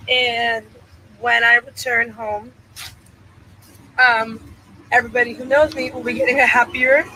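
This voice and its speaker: A man chats casually in a vlog clip. His voice is very high and bright. Faint outdoor ambience hums behind him. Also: a little hiss or hum, rough recording.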